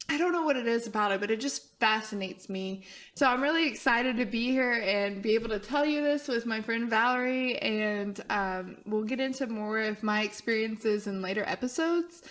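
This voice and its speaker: Chatty Texan woman, high voice. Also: a bit bright. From Central Texas. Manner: chatty, laughs often, many fillers. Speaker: podcast co-host. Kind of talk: casual chat.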